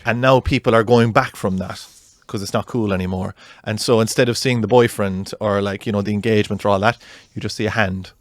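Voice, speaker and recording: Chatty podcast host. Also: male voice, lowish voice, brisk, hardly any pauses, dry recording, clean studio sound. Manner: rambling, chatty, animated storytelling. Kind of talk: casual chat.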